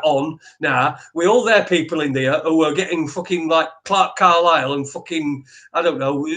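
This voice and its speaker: A man co-hosting a talk show, ranting in sweary, animated bursts with lots of restarts. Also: a little high. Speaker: podcast co-host. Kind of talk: ranting opinion chat.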